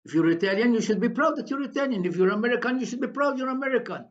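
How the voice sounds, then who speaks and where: Older woman storyteller, higher voice with a lively lilt, deliberate and repetitive, muffled lo-fi sound. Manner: slow, deliberate, repeats phrases. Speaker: commentator. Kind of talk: storytelling monologue to viewers. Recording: dull lo-fi recording.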